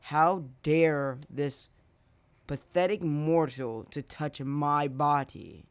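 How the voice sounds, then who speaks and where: A man's voice: fairly high pitch, fairly even intonation, takes it slowly, clear, resonant tone, no echo. A man voicing an arrogant male god of immortality in a fan story, haughty and contemptuous.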